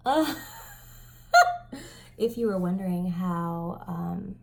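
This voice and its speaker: A woman in her thirties chatting through a casual makeup tutorial, stuffy and breathing heavily, with self-mocking soft asides. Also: on the low side, lively intonation, takes it slowly, gravelly. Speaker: makeup vlogger.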